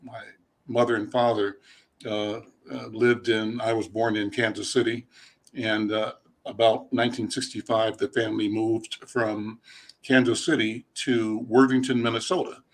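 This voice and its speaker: An older man hosting a talk show, steering the interview with a measured manner and filling in family background. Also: on the low side, flat delivery.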